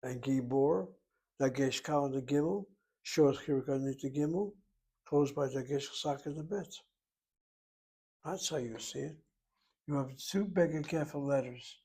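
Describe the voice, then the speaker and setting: Husky man teaching Hebrew grammar. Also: medium pitch, unhurried, long pauses, warm tone. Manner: methodical, explains word by word and letter by letter. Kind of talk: grammar lesson.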